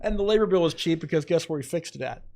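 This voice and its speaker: Gravelly-voiced man telling a dramatic story. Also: fairly high pitch, fast talker, heavy background noise. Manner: animated, dramatic retelling with quoted asides. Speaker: podcast guest. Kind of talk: casual storytelling.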